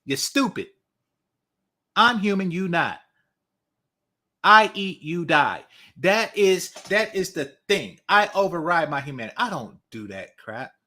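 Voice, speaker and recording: A man's voice: sits high, sing-song, unhurried, pauses often, sharp tone. Blunt, mocking male commentator. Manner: blunt, mocking, emphatic repetition. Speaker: online commentator. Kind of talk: reaction commentary.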